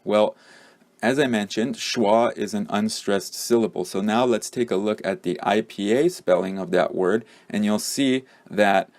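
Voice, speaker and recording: A man's voice: lowish voice, a little slow, a little mellow. A man teaching a pronunciation lesson, explaining patiently with many fillers. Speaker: English teacher.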